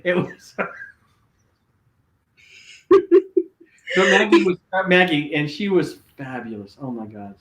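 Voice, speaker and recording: A man's voice: sits high, very animated, slow, long pauses, a bit bright. An older man, a guest, telling stories animatedly with lots of fillers and restarts. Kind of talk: casual storytelling. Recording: roomy echo.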